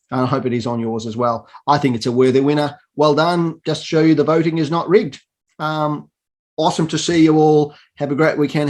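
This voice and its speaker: Dry-humored man presenting a podcast award. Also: a little high. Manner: dry self-mocking humor. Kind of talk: tongue-in-cheek awards hosting.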